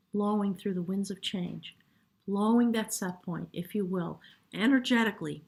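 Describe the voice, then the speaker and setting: Soft-spoken woman tarot reader. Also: medium pitch, vocal fry. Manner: soft, reverent, gets choked up. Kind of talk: spiritual tarot reading.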